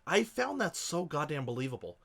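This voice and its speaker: A man's voice: on the high side, big pitch swings, brisk, gravelly, fairly bright tone. A man co-hosting a casual movie review podcast. He rambles with passion, swears often and gets emotional. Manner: emotional, chokes up. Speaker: podcast co-host.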